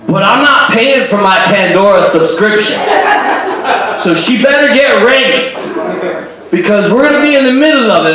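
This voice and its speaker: A man doing a stand-up comedy set, animated and throwing in character voices and Spanish phrases. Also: high voice. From Cuban family. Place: stage at a live show with audience. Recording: echoey room, distant live recording with crowd. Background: audience laughing.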